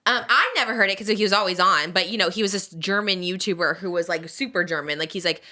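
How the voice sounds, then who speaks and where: A woman's voice: on the low side, quick pace, pushed and bright. A woman in her thirties hosting a podcast, chatting casually in a rambling, giggly way with lots of fillers. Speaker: podcast host. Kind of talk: casual chat.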